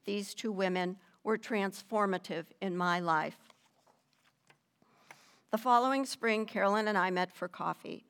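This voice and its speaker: An older woman's clear, resonant voice, medium in pitch, carries her personal faith testimony as she reads it. She tells the story at a measured, deliberate pace with soft emphasis.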